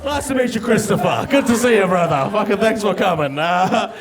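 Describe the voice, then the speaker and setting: Aussie comedy mc, high voice, shouty and sweary, music and crowd noise behind. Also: male voice, lively intonation, brisk. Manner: rowdy, sweary, shouts intros. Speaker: comedy show MC. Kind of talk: loud stand-up emceeing. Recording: live club with music and crowd.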